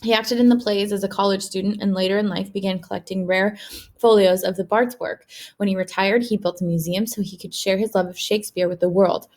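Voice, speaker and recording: A woman teacher reads a children's novel aloud, steady and clear. Her narration is paced for young listeners following along. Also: mid-range voice, fairly quick. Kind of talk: read-aloud storybook narration.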